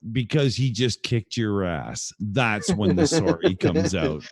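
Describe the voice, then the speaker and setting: A raucous man from Canada riffs slowly, his pitch leaping all over as he laughs. He trades crude jokes in a casual chat. The recording is close and dry. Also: sing-song, no echo. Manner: boisterous, laughing, crude banter. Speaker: podcast panelist.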